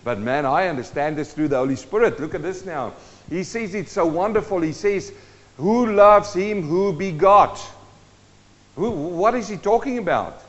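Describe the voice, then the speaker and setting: High-voiced South African preacher. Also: male voice, animated, long reverb tail, highs cut off. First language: Afrikaans. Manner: emphatic, preaching with rhetorical questions and slow, stressed repetition. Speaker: pastor. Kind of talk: sermon. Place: church. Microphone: handheld or stand microphone.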